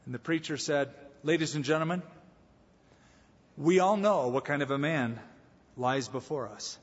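Man, preaching, sermon, husky voice, long church echo, slightly dull recording. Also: a little high, moderate pace. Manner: storytelling preacher with humor. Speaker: pastor. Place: church sanctuary. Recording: echoey hall, slightly dull sound.

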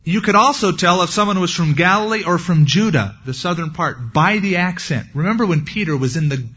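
Folksy pastor, lo-fi sermon. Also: male voice, high voice, animated, fairly quick, bright, forceful tone, husky. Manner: conversational, folksy asides. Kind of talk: expository sermon. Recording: dull lo-fi recording.

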